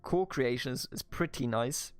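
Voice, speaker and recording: A man's voice: mid-range voice, normal speed, smooth, no room sound, faint music behind. A man with a German accent giving casual, jokey let's-play commentary on a strategy game, thinking aloud with restarts. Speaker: gaming YouTuber.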